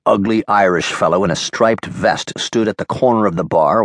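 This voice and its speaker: A man narrating an audiobook in a measured, expressive way. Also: low voice, no echo, studio quality. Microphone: studio microphone.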